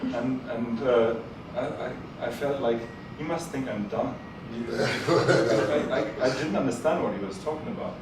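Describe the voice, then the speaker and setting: A man hosting a live event, speaking to the audience in a halting way with many fillers. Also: mid-range voice. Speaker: event host. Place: event hall. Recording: very echoey hall, mic far off, noisy.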